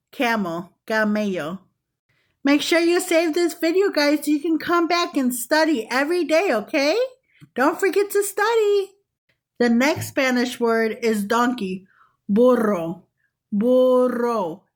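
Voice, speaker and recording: A young woman teaching Spanish words to children in a slow, repetitive drill, with upbeat, encouraging praise between words. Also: high-pitched, a bit bright. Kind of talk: slow, repeated vocabulary drill for kids.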